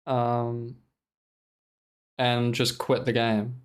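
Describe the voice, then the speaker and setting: A man's voice: mid-range voice, completely flat delivery, extremely slow, a little hiss or hum. A young man streaming, talking casually in a profane, rambling and exasperated way while commenting live.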